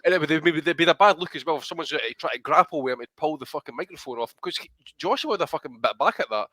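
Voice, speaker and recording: A man's voice: on the high side, lively intonation, racing, pushed and bright, dry recording. A man hosting a boxing podcast, ranting bluntly and swearing heavily in casual chat. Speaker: podcast host.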